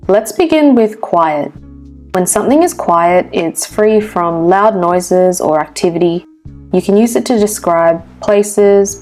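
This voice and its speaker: Woman, slightly low pitch, scripted English lesson host, steady explanatory read. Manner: clear, measured explanatory reading. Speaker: English teacher.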